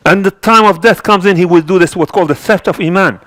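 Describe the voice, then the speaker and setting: A man's voice: high-pitched, fast talker, a bit bright, no echo. A man giving a Friday sermon as imam, talking earnestly with many restarts and repeated words. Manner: earnest, repetitive with frequent restarts and fillers. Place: mosque.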